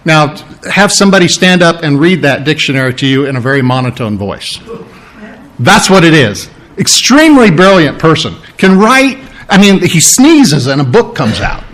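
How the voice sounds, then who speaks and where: A man delivering a sermon in a relaxed, folksy storytelling manner. He talks to the congregation like he is chatting with them, full of asides and rhetorical questions. His voice sits a little on the high side for a man. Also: normal speed. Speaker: preacher. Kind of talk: sermon with personal stories.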